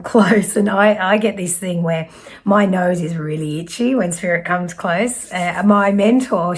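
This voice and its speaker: Woman, Australian origin, psychic medium, spiritual message reading, slow and gentle, trailing soft phrases, gravelly, mid pitch.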